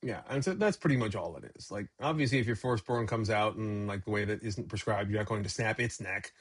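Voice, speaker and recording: Husky-voiced pastor, joking and animated. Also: male voice, lowish voice, a little fast. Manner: animated and joking, acts out quotes in a raised voice. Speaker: pastor and podcast co-host. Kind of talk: casual Bible discussion.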